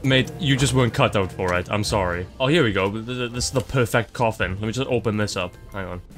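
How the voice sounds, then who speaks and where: A man's voice: on the low side, quick pace, over music. A young man giving playful let's-play commentary, joking, teasing enemies and repeating himself. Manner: jokey, laughs often, teases enemies, repeats phrases. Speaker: gaming streamer.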